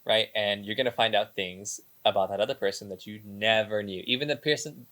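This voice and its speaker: A man's voice: fairly low pitch, fairly quick, fairly bright tone. A man co-hosting a casual podcast, talking emphatically, repeating phrases and acting out his own thoughts. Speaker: podcast co-host, dance company member.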